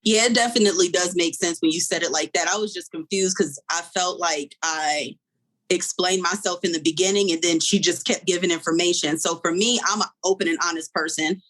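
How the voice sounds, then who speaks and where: A woman's voice: on the low side, brisk, a bit bright, low-quality recording. A woman guest on a podcast speaking frankly and casually, in a laid-back, conversational way. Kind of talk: casual chat.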